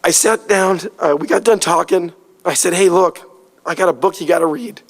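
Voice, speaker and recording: A man's voice: high-pitched, moderate pace, long reverb tail. Earnest man telling a tearful testimony. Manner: earnest storytelling, voice rising and cracking with emotion. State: near tears. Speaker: church speaker sharing testimony. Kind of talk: testimony talk to a church group.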